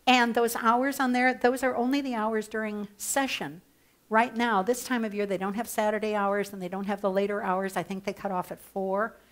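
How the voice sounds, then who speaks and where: Woman trainer, slightly high voice, playful and joking, headset mic in a training room. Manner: playful, mock-excited and humorous storytelling. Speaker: advocacy trainer. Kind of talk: workshop presentation.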